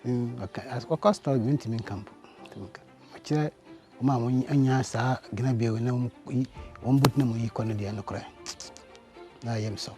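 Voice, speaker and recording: A man's voice: mid-range voice, fairly quick, over music. A man, the student's father, talks in an interview and laughs often between his words. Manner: laughs often while talking. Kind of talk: interview in a local language.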